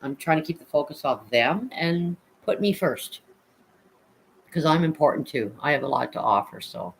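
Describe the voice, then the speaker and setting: A woman on a livestream call, sharing personal troubles in a soft, confiding way. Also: low-pitched, lively intonation, normal speed, creaky, a little hiss or hum, poor audio.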